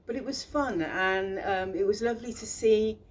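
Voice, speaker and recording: A woman's voice: mid-range voice, moderate pace. Chatty woman with a thick Bristolian accent. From England. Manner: chatty, self-deprecating, many ums and restarts. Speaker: children's book illustrator. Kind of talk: casual talk about her book.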